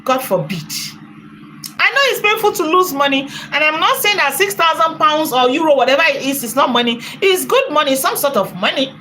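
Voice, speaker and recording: A woman's voice: sits high, expressive, brisk, pushed and bright, slight background noise, rough recording. A woman hosting a reaction commentary, mocking and heated as she answers a critic. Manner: mocking, heated, switches to sarcastic mock crying. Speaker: channel host.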